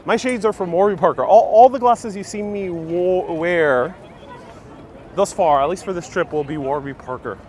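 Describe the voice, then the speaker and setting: A travel livestream host walks through a city outdoors, chatting cheerfully, reading viewer comments aloud and laughing a lot. His voice is high-pitched with a somewhat dark tone, and he talks at a moderate pace.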